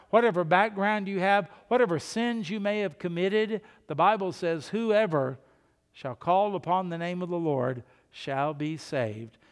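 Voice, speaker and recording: A man preaching a sermon as pastor, earnest and urging, with sudden loud emphasis. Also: on the high side, big-room sound.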